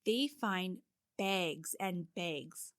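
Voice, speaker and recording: A woman's voice: on the low side, very slow, dry recording. Casting note: woman co-host telling a true-crime case casually, dry close-miked sound. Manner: steady storytelling with frequent "like" fillers.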